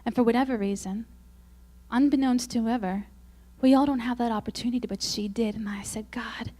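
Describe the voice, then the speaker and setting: A woman speaking at a Christian women's conference, telling self-mocking, humorous stories and acting out quoted lines in a higher, louder voice. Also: brisk. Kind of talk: faith-based conference talk.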